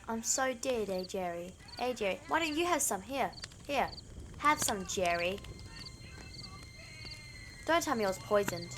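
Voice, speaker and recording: A woman with a New Zealand accent and a mid-range voice hosts a gaming channel, playing a horror game. Jumpy and easily scared, she talks dramatically to the characters over some background noise.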